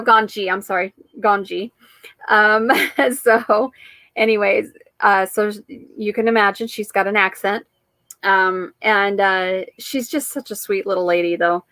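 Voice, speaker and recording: A woman's voice: medium pitch, fairly bright tone, no room sound. A woman hosting her weekly live-stream chat, talking in a rambling, chatty way with frequent laughs.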